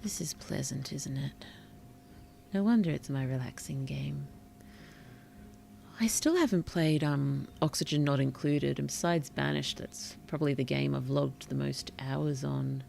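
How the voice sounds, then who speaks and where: A streamer giving relaxed gameplay commentary in a gentle, whimsical, polite way, with puns and soft whispered asides. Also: medium pitch, a little slow, creaky, a little hiss or hum. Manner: drops into soft whispers at times. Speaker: VTuber streamer and author.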